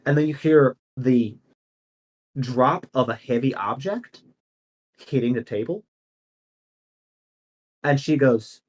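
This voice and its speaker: A man's voice: mid-range voice, takes it slowly, long pauses. A man narrating as game master in casual storytelling.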